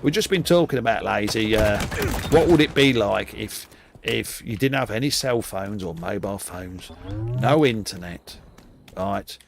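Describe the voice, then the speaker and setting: An older man streams a shooter game and rambles to his viewers in a gravelly, creaky voice. His banter is profane and jokey, and game gunfire clatters loudly under his talk. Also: lowish voice, lively intonation, a little slow, background noise. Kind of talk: live gameplay commentary.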